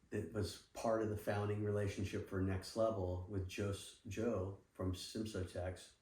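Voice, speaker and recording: Animated storyteller man, lowish voice. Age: middle-aged. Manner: animated, acts out quoted dialogue, swears freely. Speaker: podcast guest, surf apparel businessman. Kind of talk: casual storytelling interview. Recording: roomy sound from a distant mic.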